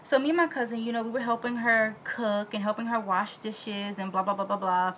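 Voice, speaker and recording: A woman vlogging in a casual, animated way, acting out the quoted voices in her story. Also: fairly quick, slight background noise, low-quality recording. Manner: animated, acts out quotes with big pitch jumps.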